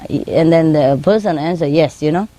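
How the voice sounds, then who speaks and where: A woman with a somewhat low voice tells relaxed, chatty stories to an audience. Her English is non-native and studded with "you know," and she breaks into laughter and playful bird-like mimicry as she goes. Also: normal speed, poor audio. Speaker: spiritual teacher. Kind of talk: informal anecdote told to an audience.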